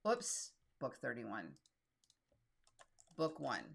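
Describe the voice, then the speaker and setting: A woman's voice: a bass voice, wildly swooping pitch, drawn-out words, creaky, breathy edge. A woman in her fifties talking casually and directly through a tutorial, reading text aloud as she types. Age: 50s. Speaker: solo creator and YouTube host. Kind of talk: casual screen-share tutorial.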